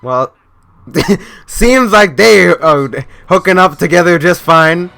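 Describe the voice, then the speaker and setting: A man comments casually on an anime episode, swearing and getting worked up, alternating loud bursts with quiet mutters. He speaks slowly, with vocal fry.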